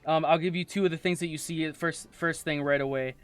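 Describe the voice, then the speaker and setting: Higher-voiced man running a tabletop game. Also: steady tone, clear, resonant tone, faint music behind. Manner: reads descriptions aloud, halting restarts. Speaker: game master.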